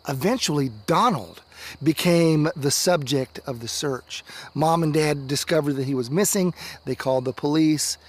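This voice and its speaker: A man, a religious education coordinator, reading a children's story aloud with expressive delivery and dips into soft whispers, recorded at home at night. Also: on the high side.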